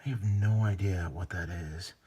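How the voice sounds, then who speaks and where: A man's voice: deep voice, normal speed, dark tone, slightly rough. A man hosting a hobby painting video, talking casually to himself as he works and often trailing into murmurs and whispers. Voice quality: mumbling, muttering to himself, drifts into whispers. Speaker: hobby painting channel host. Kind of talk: casual running commentary while painting.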